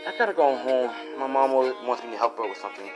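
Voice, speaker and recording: A man's voice: mid-range voice, animated, fast talker, natural voice. A man voicing a polite, apologetic teenage girl in a spoken fan story, with music behind.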